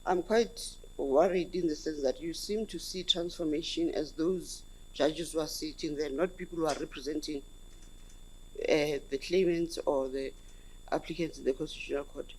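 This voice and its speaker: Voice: medium pitch, normal speed, darkish tone, slightly rough, rough recording. Hesitant South African panel questioner. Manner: hesitant, repeats words. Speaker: commissioner on interview panel. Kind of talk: questioning a candidate.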